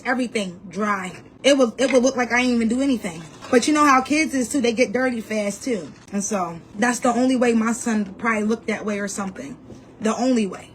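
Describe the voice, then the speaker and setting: A woman's voice: a little high, a little hiss or hum. A woman who makes social media videos, ranting bluntly with lots of swearing in a casual vlog.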